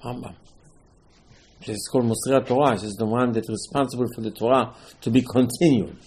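A man teaching a religious lecture in an animated way, asking many rhetorical questions and restarting phrases as he builds a point. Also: medium pitch, brisk, slightly rough, rough recording. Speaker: Torah teacher.

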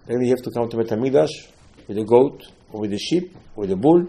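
A man leads a Torah class as a storyteller, with a mellow, darker tone. He sprinkles Hebrew terms through his English and swings from loud, emphatic bursts to low, quiet asides. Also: fast talker. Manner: animated storytelling, swings between loud and soft. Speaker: religious teacher.

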